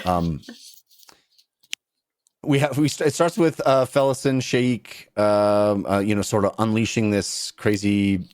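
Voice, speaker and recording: A man's voice: fairly low pitch, slow, long pauses, dry recording, clean studio sound. A man hosting a book podcast, talking casually and playfully acting out scenes from the novel. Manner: animated, acts out characters in funny voices.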